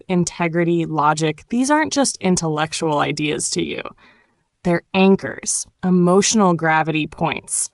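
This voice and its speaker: A woman reading a scripted narration for English learners, measured and reflective, delivered in short phrases. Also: on the low side, dry recording, clean studio sound. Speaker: podcast narrator.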